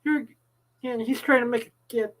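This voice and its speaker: Woman co-host, high-pitched, rambling casual chat, foul-mouthed. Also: fairly even intonation, a little fast, rough recording. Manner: chatty, stumbling restarts, swears casually. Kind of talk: casual live chat show.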